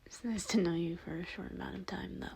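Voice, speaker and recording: A woman voicing a young man who calmly insists on sacrificing himself, in a hushed, gentle whispered role-play. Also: on the low side, normal speed, a little hiss or hum, natural voice. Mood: reassuring.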